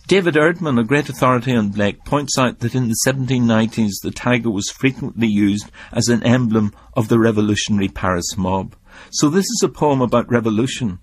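Measured man narrating poetry commentary. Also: medium pitch, breathy edge, dry recording. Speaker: literary commentator. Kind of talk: scripted documentary narration on poetry.

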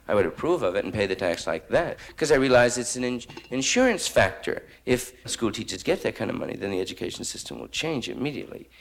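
Young man, stand-up comedian, rambling slangy monologue, animated pitch. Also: fast talker. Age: young adult.

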